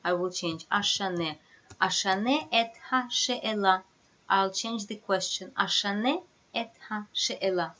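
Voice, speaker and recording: A woman's voice: medium pitch, slow pace, pushed and bright, dull audio. A woman teaching a beginners' language lesson, explaining step by step and quizzing her students with questions. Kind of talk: casual online lesson.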